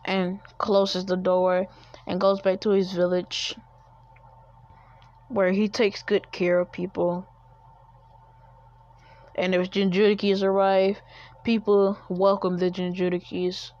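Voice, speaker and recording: A woman's voice: mid-range voice, level tone, takes it slowly, long pauses, darkish tone. A woman casually improvising a fan story, rambling and correcting herself as she goes. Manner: rambling, with restarts and self-corrections. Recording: dull lo-fi recording.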